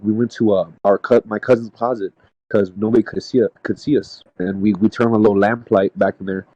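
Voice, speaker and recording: A man telling a personal story in casual podcast talk, halting and rambling with lots of "dude" and "man". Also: fairly low pitch, dark tone, dry recording, highs cut off. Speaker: podcast panelist. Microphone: podcast mic.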